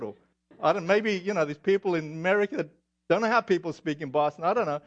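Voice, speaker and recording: Speaking quickly in a voice that sits high, this man from South Africa delivers a sermon full of personal stories in his South African accent. His style is chatty and self-deprecating, studded with fillers, captured on dull, lo-fi audio.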